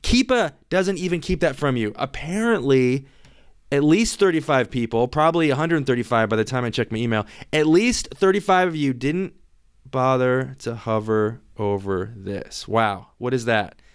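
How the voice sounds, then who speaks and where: Emphatic man with a smooth voice. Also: medium pitch, expressive, normal speed. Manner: emphatic, reassuring, repeats and restarts words. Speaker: software company host. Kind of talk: informal screen-share explainer.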